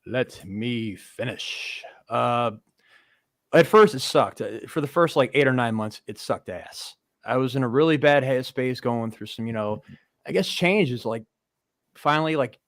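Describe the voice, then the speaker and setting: A man's voice: mid-range voice, animated, normal speed, no echo. Male host, rambling casual delivery, dry sound. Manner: rambling, loose, swears casually. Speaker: podcast host. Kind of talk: casual chat.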